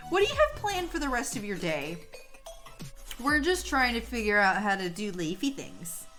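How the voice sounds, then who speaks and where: Gushing, excitable young woman streamer. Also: mid-range voice, normal speed, faint music behind. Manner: excitable, gushing, swears a lot; laughs often and trails off mid-sentence. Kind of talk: casual live-stream chat while drawing.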